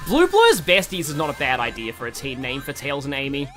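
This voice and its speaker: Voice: mid-range voice, wildly swooping pitch, a little fast, fairly bright tone, faint music behind. An Australian streamer giving casual, rambling commentary on a game, self-deprecating and full of fillers.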